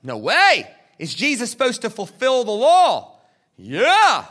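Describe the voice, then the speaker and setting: Animated high-voiced preacher man. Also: slow. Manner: animated, acts out the people in the story; asks the crowd questions, then answers them. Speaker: pastor. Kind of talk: sermon.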